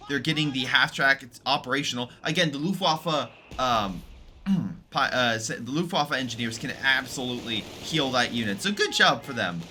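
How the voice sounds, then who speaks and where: Bright-voiced chatty male game commentator. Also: medium pitch, a little hiss or hum. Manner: chatty, rambling, with frequent fillers and self-corrections. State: recovering from illness.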